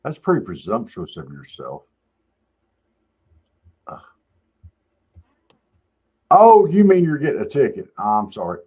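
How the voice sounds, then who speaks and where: A man's voice: medium pitch, huge pitch swings, measured pace, long pauses, a little mellow, breathy edge. A man hosting a morning show, chatting casually in a teasing way and laughing often. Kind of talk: casual joking chat.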